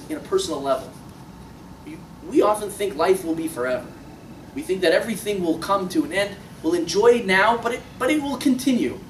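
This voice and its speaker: A young man giving an impassioned religious lecture to a room of listeners, swinging between emphatic peaks and quiet low passages. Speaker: Torah teacher. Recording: echoey room, distant mic, faint noise.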